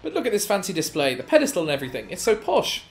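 A man voicing a loud, bossy male koopa king who blusters and boasts. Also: high voice, huge pitch swings, racing, vocal fry, faint music behind, voice pushed up, heavily acted. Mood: indignant.

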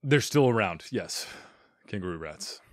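A man hosts a casual podcast chat, his pitch swinging widely as he jokes and quizzes his guest. He laughs often and keeps the tone playful. The sound is close and dry, with no room echo. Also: a little slow. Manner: animated, laughs often, playful quiz-giving. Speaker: podcast host.

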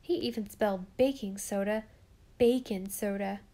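A woman's voice: on the high side, normal speed, darkish tone, natural voice. A woman reading an audiobook, voicing a sensible, earnest young girl. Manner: earnest, sometimes indignant.

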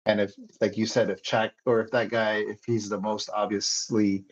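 Low-voiced male player, dull mic. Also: little pitch movement, moderate pace, breathy edge. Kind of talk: casual tabletop play.

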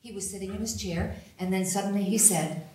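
A woman's voice: mid-range voice, steady tone, brisk, dark tone, lightly acted. An actress playing a woman of the family, speaking in a rhythmic, dramatic way with sudden outbursts, recorded far away in a very echoey theater. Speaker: actor in a staged play reading. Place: theater stage. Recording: very echoey hall, mic far off.

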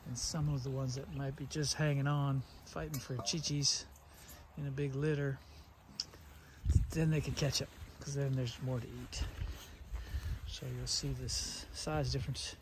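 A man breeding dogs, chatting casually as he films himself, loudly calling his dogs in an outdoor kennel yard. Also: mid-range voice, level tone, unhurried. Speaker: dog breeder. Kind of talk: casual vlog narration. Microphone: handheld camera filming alone. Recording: noisy outdoor camera audio.

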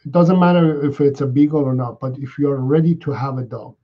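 A man's voice: medium pitch, fairly quick, dull audio. A man hosting a live dog-training Q&A, explaining patiently, repeating phrases and checking in with "right?".

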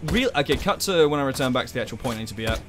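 A young man hosts a let's play, giving sweary, sarcastic gameplay commentary with exasperated outbursts. His mid-range voice is animated and very fast, heard over music.

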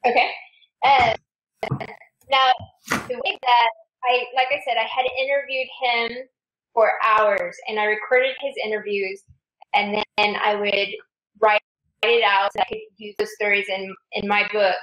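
A woman's voice: medium pitch, flat delivery, measured pace, pauses often, fairly bright tone, reverberant, rough recording. A woman author being interviewed remotely, explaining her work at length in an earnest way.

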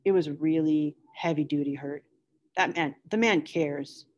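A woman voicing a quiet, shaken young male soldier in a read-aloud novel, speaking in a low, hushed way. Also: unhurried, highs cut off. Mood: somber.

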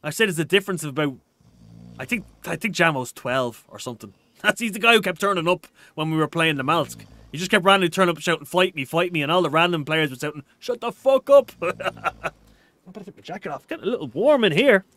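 A man's voice: fairly high pitch, expressive, fast talker, sharp tone. Chatty Irish man streaming a game. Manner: rambling and chatty, with frequent restarts and laughs. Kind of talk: live game stream chat, reading out viewer comments.

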